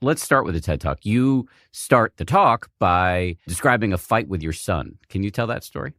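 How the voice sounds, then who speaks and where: Deep-voiced man podcast host. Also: animated, moderate pace, fairly bright tone, no room sound, studio quality. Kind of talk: interview hosting with read ads.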